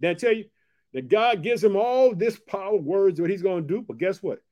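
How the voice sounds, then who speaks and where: A man with a high voice gives a fervent, casual late-night Bible teaching. He keeps turning to his listeners to ask if they caught what he said. When he reads the verses, he slows to a deliberate pace. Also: lively intonation, a little mellow. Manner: fervent and repetitive, often asking listeners if they heard; reads scripture slower and more deliberately.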